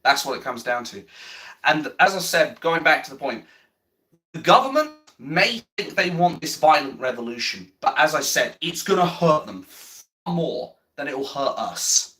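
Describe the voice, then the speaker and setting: A man's voice: a little high, very animated, moderate pace, bright, forceful tone. A man on a livestream, ranting bluntly about politics with plenty of swearing and repetition, stopping to answer viewer chat. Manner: blunt, heavy swearing, repeats himself.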